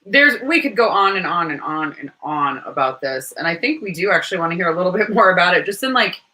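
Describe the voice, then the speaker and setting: A woman's voice: fairly low pitch, animated, fast talker, bright, forceful tone. A woman co-hosting a podcast in casual chat, laughing easily. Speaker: podcast co-host.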